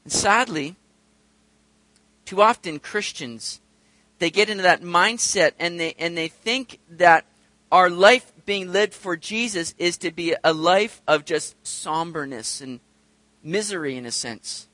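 A man preaching a sermon to his congregation, animated and acting out the voices of the people he describes. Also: sits high, measured pace, no room sound. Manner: animated, acts out quoted voices, addresses congregation directly. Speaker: pastor.

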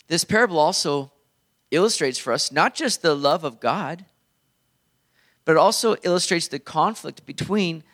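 A male pastor delivers a sermon in an earnest, conversational tone. His speaking voice sits slightly higher than average for a man. He talks plainly and directly, as if to a congregation. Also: a bit bright.

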